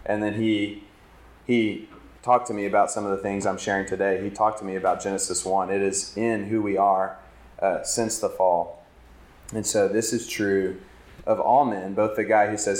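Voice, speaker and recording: A man in his thirties tells a personal story from the stage in a candid, self-deprecating way. His voice sits on the low side, and the hall around him gives it a clear echo. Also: fairly even intonation, moderate pace, darkish tone. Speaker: campus ministry speaker. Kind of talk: conference talk. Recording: echoey hall.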